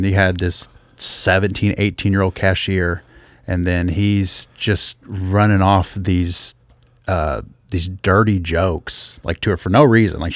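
A man with a low voice talks in loose, casual chat. He tells stories bluntly and swears freely. The sound is dry and close. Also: dry recording. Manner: blunt, profane storytelling.

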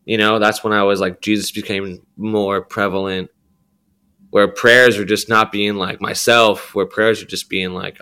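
A man's voice: on the low side, little pitch movement, normal speed, a bit bright. A young adult man sharing his faith story as a podcast guest, rambling with slang and many fillers. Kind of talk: candid personal testimony.

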